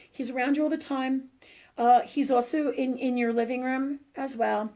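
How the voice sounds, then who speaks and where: A woman's voice: high-pitched, steady tone, moderate pace, warm tone. A middle-aged woman hosting a live call-in show as a spiritual medium, giving readings in a rambling, emotional way, full of fillers and restarts, and swearing bluntly at times. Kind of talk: casual live-stream readings for viewers.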